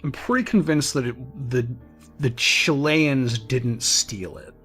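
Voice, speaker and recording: A man co-hosting a game playthrough, thinking aloud in casual chat with halting restarts. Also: medium pitch, a bit bright, slightly rough, soft background music. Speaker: let's play co-host. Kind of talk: casual let's play discussion.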